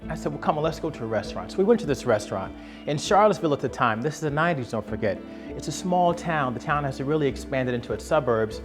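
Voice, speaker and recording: A man in his fifties, telling a family story in a casual, animated way and acting out the voices of the people in it. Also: a little high, quick pace, music in the background.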